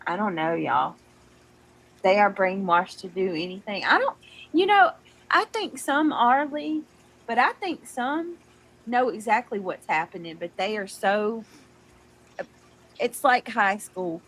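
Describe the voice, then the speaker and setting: A woman's voice: medium pitch, expressive, takes it slowly, long pauses, fairly bright tone. A woman chatting loosely in a livestream, often repeating herself and trailing off. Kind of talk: casual livestream gossip chat.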